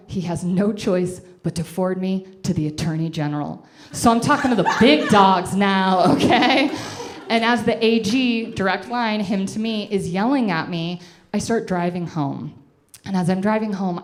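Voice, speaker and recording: A woman in her twenties telling a self-deprecating comic story to a live audience, animated and chatty. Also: lowish voice.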